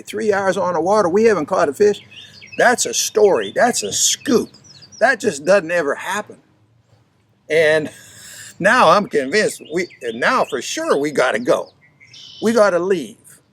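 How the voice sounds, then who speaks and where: Folksy man telling a fishing story. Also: high-pitched. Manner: folksy, animated anecdote-telling. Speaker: fishing instructor. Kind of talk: storytelling lesson.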